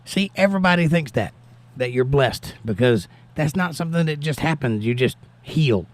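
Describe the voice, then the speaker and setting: A man with a fairly high voice hosts an easygoing livestream, reading comments aloud at a moderate pace. He's animated and responds prayerfully, giving thanks to God.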